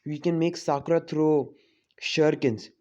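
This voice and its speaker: A man voicing a calm, confident young ninja in a fan-made story, cool and dismissive, on a dull lo-fi recording. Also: on the high side, normal speed, natural voice.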